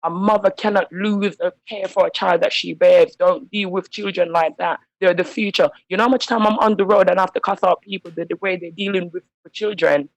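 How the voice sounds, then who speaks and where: A woman's voice: lowish voice, fairly even intonation, a little fast, hardly any pauses, dry recording, muffled recording. A woman calling in to a phone-in show, speaking heatedly and emphatically in slang because she is upset. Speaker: caller. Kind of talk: impassioned phone-in rant.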